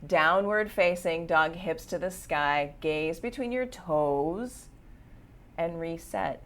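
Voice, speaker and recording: A woman's voice: on the low side, slow, fairly bright tone. A woman leading a live yoga class, giving short rhythmic commands with encouraging asides. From United States. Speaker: yoga teacher. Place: yoga studio.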